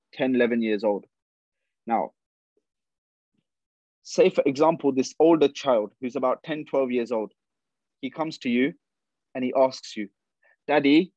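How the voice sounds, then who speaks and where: A man's voice: mid-range voice, a little mellow, dry recording. A man giving an earnest religious talk to young people. He repeats key phrases and speaks directly to his listeners. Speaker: youth speaker. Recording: dull, dry recording.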